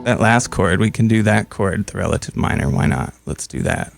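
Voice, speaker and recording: A young man hosts a music-making video, speaking in a low voice with vocal fry at a moderate pace in a dry recording. As a music producer working on a song, he chats casually and reads out viewer comments.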